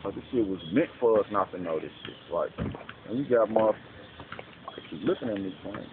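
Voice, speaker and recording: A man's voice: lowish voice, animated, brisk. A man talking casually and preachily in street slang, often asking "you know what I'm saying". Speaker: speaker explaining a belief. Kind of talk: casual monologue. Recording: tinny lo-fi with loud background noise.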